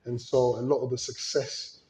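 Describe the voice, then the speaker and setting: A man's voice: mid-range voice, little pitch movement, moderate pace, darkish tone. A man with a London accent, a guest speaking candidly and laughing along in a casual interview. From London, England. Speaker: guest, film company CEO. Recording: echoey room.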